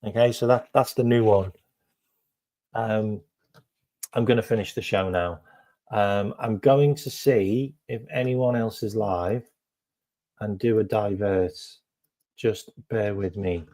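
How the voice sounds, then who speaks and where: Slow-talking, mellow-voiced male streamer. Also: fairly low pitch, steady tone. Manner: chatty, full of ums and repeated phrases. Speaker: live stream host. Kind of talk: casual live stream chat.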